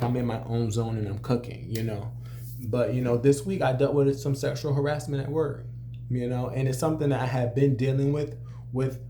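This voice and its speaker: Young guy just talking to the cam, warm relaxed voice, says "you know" a lot, slight background hum. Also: mid-range voice. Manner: conversational, many "you know" fillers, animated when quoting others. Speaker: restaurant cook. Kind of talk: casual storytelling to camera.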